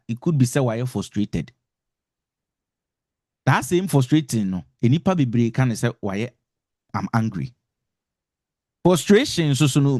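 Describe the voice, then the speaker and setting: A man's voice: mid-range voice, no echo, clean studio sound. A man with a Ghanaian accent giving an informal lecture on emotions to couples, switching between Twi and English and repeating words for emphasis. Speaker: relationship teacher.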